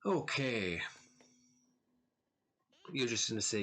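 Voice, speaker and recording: A man's voice: lowish voice, very animated, moderate pace, long pauses, a bit bright, breathy edge. A man doing let's play commentary, joking around and reading all the parts of the game himself. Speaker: let's player.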